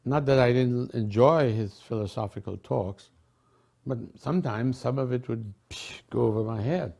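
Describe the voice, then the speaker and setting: An older man from a Caribbean island telling personal memories in a relaxed, chatty way, laughing often and restarting his sentences. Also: medium pitch, moderate pace, creaky. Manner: warm storytelling with frequent laughs and restarts. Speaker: devotee sharing memories. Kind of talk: casual reminiscence.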